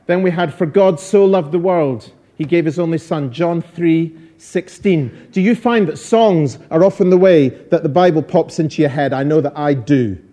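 Lively encouraging preacher, mellow voice. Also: male voice, on the high side. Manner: lively, encouraging, repeats phrases for emphasis. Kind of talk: all-age church talk.

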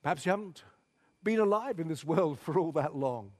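Male preacher, high and very animated, dramatic scripture readings. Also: moderate pace. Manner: dramatic, reads scripture with rising intensity. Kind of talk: sermon.

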